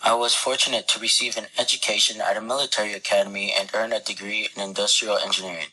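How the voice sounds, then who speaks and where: A man reads a first-person account in a calm, measured way. His voice sits fairly low yet has a bright edge. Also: slightly rough, poor audio.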